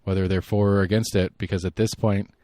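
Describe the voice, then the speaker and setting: Man, low voice, rambling opinionated podcast host, dry close sound. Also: flat delivery, fast, dry recording. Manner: rambling, opinionated, thinks out loud. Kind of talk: solo political commentary.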